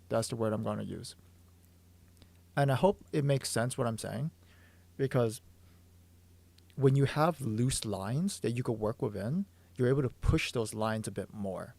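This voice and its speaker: A man with a deeply gravelly, creaky voice walks through his drawing on a livestream, thinking aloud and tripping over restarts. He sounds hoarse, as if his voice is wearing thin, and the sound is close and dry with no room around it. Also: darkish tone, dry recording. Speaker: manga artist.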